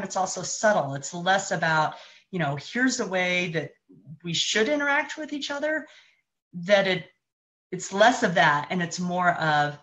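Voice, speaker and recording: A woman's voice: on the low side, a bit bright. A woman speaking as a parenting coach in a live-streamed advice talk, conversational and thinking aloud with frequent restarts.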